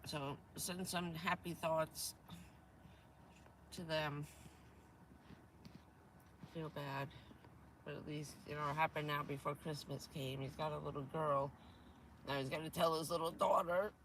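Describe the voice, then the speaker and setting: A woman with a hoarse, stuffy voice from a cold, chatting casually on a vanlife livestream from her van, laughing often and answering her viewers. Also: sits low, fairly even intonation, measured pace, long pauses, a bit bright, a little hiss or hum. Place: inside a camper van.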